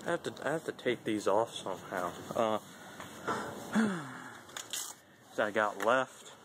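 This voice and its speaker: A man with a medium-pitched, animated voice speaks slowly while vlogging through a big retail store, offering playful, joking commentary in goofy banter. Noisy store ambience fills the recording.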